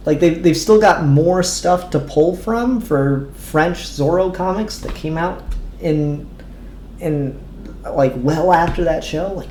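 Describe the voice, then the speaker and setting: A man's voice: fairly high pitch, dark tone, slight background noise. A man reviewing comics in a casual chat, rambling with lots of ums and restarts and casual swearing. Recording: echoey room with faint ambience.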